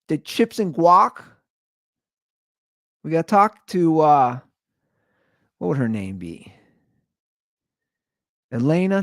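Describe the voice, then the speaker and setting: A man's voice: on the high side, no room sound, clean studio sound. Sarcastic ranting male podcast host. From Anderson Township, Ohio, USA. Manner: sarcastic, exaggerated, animated ranting. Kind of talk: comedic rant storytelling.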